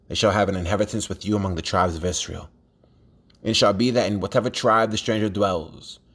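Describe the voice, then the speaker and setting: A man with a somewhat low voice reads a long scripture passage aloud. He keeps a steady, even reading pace and now and then stumbles and restarts a word. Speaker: scripture reader.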